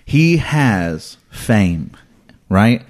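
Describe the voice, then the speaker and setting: Earnest, lower-pitched male pastor. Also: big pitch swings, extremely slow, a little mellow. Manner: earnest, emphatic. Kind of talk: casual podcast discussion.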